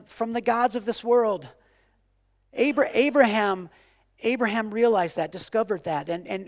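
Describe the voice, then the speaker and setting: A man in his forties preaching a sermon with passion, repeating phrases and swinging from loud declarations to hushed, quiet lines. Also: on the high side, in a large hall. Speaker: pastor.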